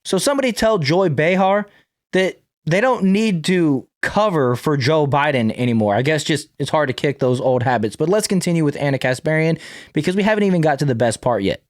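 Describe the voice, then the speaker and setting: A man's voice: a little high, lively intonation, fairly quick, no room sound, studio quality. A man hosting a reaction commentary channel, sarcastic and pointed.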